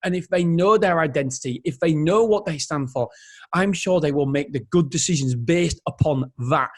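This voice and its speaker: A man in his thirties delivers a motivational podcast monologue on his own. His voice sits a little high for a man, and he talks with energy. He rambles and keeps breaking off to correct himself. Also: moderate pace. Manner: energetic, rambling, self-interrupting. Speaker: podcast host.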